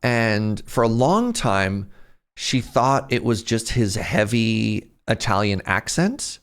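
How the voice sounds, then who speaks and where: A man's voice: on the low side, very animated, takes it slowly, clear, resonant tone. A man streaming a game, chatting casually, reading chat messages aloud and reacting to them. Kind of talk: casual livestream chat while playing.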